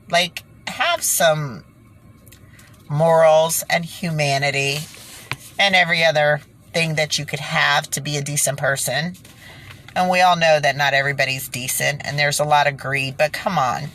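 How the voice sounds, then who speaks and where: A woman's voice: low-pitched, a bit bright. A woman ranting in online commentary and reading passages aloud, stumbling and restarting, foggy from being sick.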